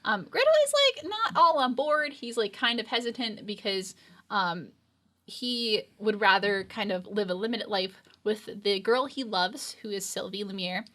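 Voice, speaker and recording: Casting: woman co-host, crisp bright tone, loose rambling recap style. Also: mid-range voice, lively intonation, measured pace. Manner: rambling, filler-heavy recap. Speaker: co-host of a reaction show. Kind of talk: casual chat.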